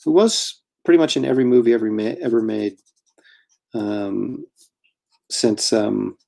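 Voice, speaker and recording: A man's voice: lowish voice, a little slow, gravelly, mellow. A middle-aged man, a comic artist, chatting casually while drawing, rambling and self-deprecating with frequent chuckles.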